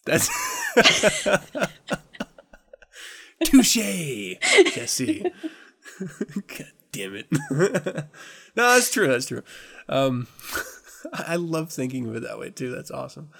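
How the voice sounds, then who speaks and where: A man's voice: fairly high pitch, big pitch swings, slow, gravelly, long pauses, a bit bright, slightly rough. A man hosting a podcast in a casual chat, laughing often, swearing freely and rambling through restarts. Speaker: podcast host.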